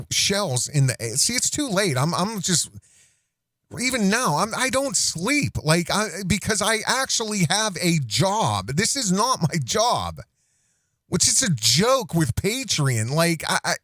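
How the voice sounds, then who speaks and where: A man's voice: high voice, big pitch swings, a little slow, fairly bright tone, dry recording, clean studio sound. A man hosting an online commentary show, talking in a rambling, self-interrupting way with many restarts and asides. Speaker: host.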